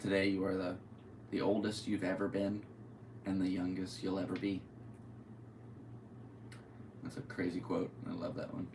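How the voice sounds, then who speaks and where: A man's voice: sits low, completely flat delivery, moderate pace, gravelly, long pauses, far from the mic. A man from Connecticut hosting a solo podcast in his room, rambling jokily and goofily. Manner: jokey, rambling, goofy. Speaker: podcast host. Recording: echoey room, off-mic, faint hiss.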